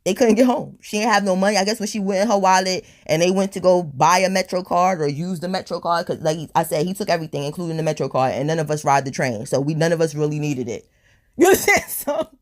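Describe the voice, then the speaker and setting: A woman telling a storytime on her vlog in a blunt, profane, animated way, a little high and tipsy. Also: fast, hardly any pauses. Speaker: storytime vlogger. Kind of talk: casual storytime monologue.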